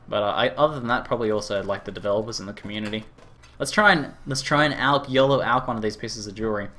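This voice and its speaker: A man with an Australian accent chatting casually with viewers during a live game stream, rambling with lots of fillers and quick laughs. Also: on the low side, bright, forceful tone. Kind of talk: casual live-stream chat while gaming.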